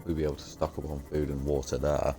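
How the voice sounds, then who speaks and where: A man's voice: rumbling low, little pitch movement, fast talker, dark tone, slight background noise. A young man streaming a game, chatting casually and rambling with loose giggles. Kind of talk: casual gaming commentary.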